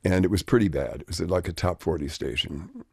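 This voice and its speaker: A man's voice: deep voice, expressive, a little fast, creaky, darkish tone, slightly rough, dry recording, clean studio sound. An older man, a guest, telling rambling anecdotes in a conversational, wry way. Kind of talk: anecdotal storytelling.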